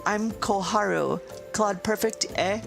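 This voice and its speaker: A woman voicing a chatty, excitable little girl from a fantasy game. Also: medium pitch, slow, creaky, over music. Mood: excited.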